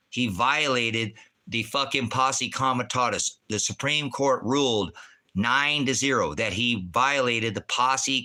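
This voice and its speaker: A man with a bright, forceful, mid-range voice runs a livestream from Oregon. As he reads chat, he launches into profane, angry rants directed at viewers.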